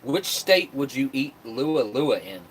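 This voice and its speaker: A man's voice: medium pitch, animated, slow, slight background noise. A man hosting a live stream, rambling chattily and reading out viewer comments. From West Virginia. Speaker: livestream host. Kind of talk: casual live-stream chat.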